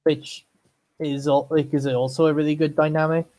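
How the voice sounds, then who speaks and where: A man co-hosts a laid-back podcast, agreeing easily and padding his thoughts with casual fillers. His voice sits a little higher than most men's. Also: moderate pace. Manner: relaxed, agreeable, lots of fillers like "like". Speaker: podcast co-host. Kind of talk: casual chat.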